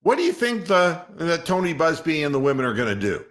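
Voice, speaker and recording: A man's voice: on the high side, sing-song, a little fast, a bit bright. A man hosting a sports talk radio show, ranting in a sarcastic, mocking way and swearing freely. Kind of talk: opinionated sports talk rant.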